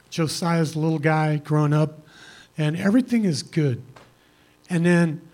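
A man's voice: a little high, darkish tone. A middle-aged man speaking plainly and earnestly, giving a personal testimony to a congregation. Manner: earnest, conversational, plain-spoken. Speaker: church member giving testimony.

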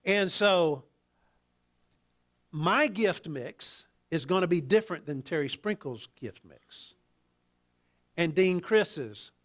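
Male pastor, slightly high voice, talky sermon with restarts and soft asides. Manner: conversational, halting with restarts, drops to quiet asides.

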